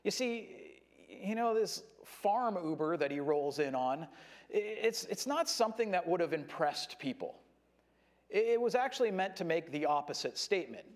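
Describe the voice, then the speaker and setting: A man preaching a sermon in a conversational, animated way, acting out what a crowd shouts. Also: a little high. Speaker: pastor.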